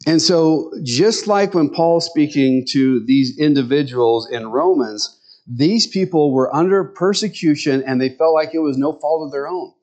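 Man preaching a lively Sunday sermon. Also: a little high, normal speed. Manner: animated, acts out the voices of people in scripture. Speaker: pastor.

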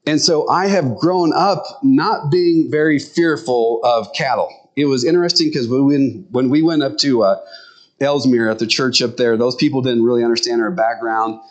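A middle-aged man preaching a sermon, telling ranch stories and acting out scripture with animated voices. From grew up on a ranch. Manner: animated storytelling, acts out the disciples in high yelling voices. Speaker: pastor.

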